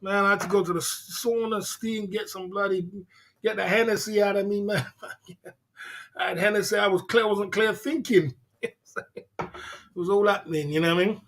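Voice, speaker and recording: Host, male, tipsy, excitable livestream patter with repeated catchphrases, pitched high. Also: moderate pace, long pauses. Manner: hyped, repeats catchphrases, laughs often. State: tipsy from drinking. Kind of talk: late-night livestream chat.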